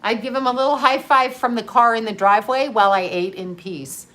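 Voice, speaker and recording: A woman's voice: on the high side, steady tone, brisk, bright, forceful tone. A middle-aged woman in a candid livestream monologue, blunt and profane, laughing often while grieving. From United States. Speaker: livestream host.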